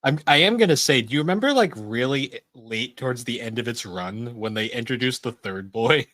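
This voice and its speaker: A man co-hosting a casual podcast, rambling through his stories and chuckling at his own jokes. His voice sits at an ordinary middle pitch. The sound is dry and close, with no room echo. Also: animated, normal speed, a bit bright. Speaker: podcast co-host. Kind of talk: casual chat.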